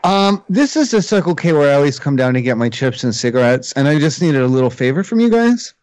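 A man's voice: fairly high pitch, very animated, fast talker, a little mellow, no room sound. A man making a prank phone call, spinning a mock-earnest, pleading story. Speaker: prank caller.

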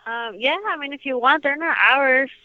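A woman's voice: sits high, normal speed, no room sound. Hesitant woman on a muffled phone line. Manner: hesitant, polite. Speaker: prank call target.

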